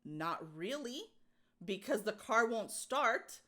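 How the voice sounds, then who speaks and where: A woman's voice: medium pitch, takes it slowly. A young adult woman co-hosting a podcast, telling a story in casual chat, acting out the people she quotes and laughing often. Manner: animated, acts out quoted voices, laughs often. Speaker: podcast co-host.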